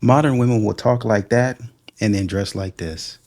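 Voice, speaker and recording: A man's voice: lowish voice, moderate pace, a little mellow. Man giving sarcastic reaction commentary. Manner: sarcastic, scornful, puts on mocking quoted voices.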